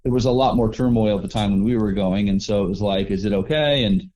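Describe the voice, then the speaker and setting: Male guest, easygoing storyteller; lowish, dark, mellow tone. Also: fast. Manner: relaxed, rambling with restarts and acted-out quotes. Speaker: overland traveler guest. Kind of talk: casual storytelling interview.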